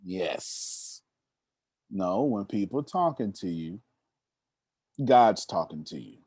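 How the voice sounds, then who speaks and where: A man in his thirties, a motivational speaker telling stories to an audience, animated and addressing the listeners directly with a teasing tone. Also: low voice, takes it slowly, no echo, studio quality. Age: 30s. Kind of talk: storytelling talk to an audience.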